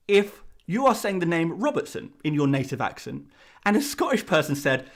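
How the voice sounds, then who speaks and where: An English man hosting a live fantasy football stream, talking casually to his chat in a rambling, exasperated way. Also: moderate pace. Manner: animated, rambling, voice jumps high when exasperated.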